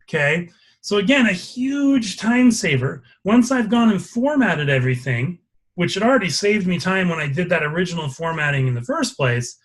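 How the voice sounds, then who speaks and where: Male instructor, slightly high voice, walks through a screen demo step by step, asks for questions. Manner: explains step by step, checking for questions. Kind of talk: live software lesson with screen demo.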